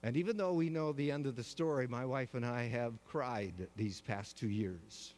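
A male pastor preaching a sermon, telling the story in a measured way with slow, weighty pauses. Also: mid-range voice, darkish tone, big-room sound.

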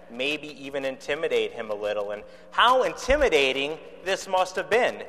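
A pastor from Chicago preaching a sermon in a conversational way, with rhetorical questions and dry humor. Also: male voice, a little high, a bit bright, in a large hall.

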